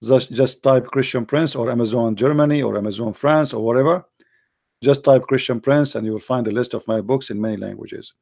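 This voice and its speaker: With a gravelly, slightly mellow mid-range voice, an online commentator talks briskly and straight to camera. He's earnest and urgent, speaking plain non-native English and at times repeating words while hunting for them.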